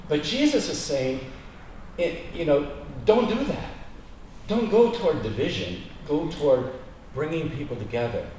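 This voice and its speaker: A man's voice: on the high side, very animated, moderate pace, darkish tone. Male pastor preaching, voice jumps all over, really echoey room, mic kinda far off. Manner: storytelling preacher, acts out dialogue in a joke. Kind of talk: sermon. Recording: echoey room, mic at a distance, faint hiss.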